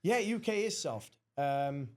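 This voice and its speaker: A man's voice: fairly high pitch, expressive, slow pace, a little mellow. A man hosting a podcast, telling rambling anecdotes in casual chat and swearing often. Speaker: podcast host.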